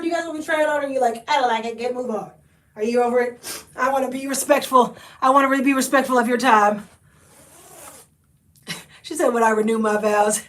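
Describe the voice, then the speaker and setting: A woman, hosting a casual thrift haul livestream, animated and chatty, calling viewers honey. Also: high-pitched, far from the mic.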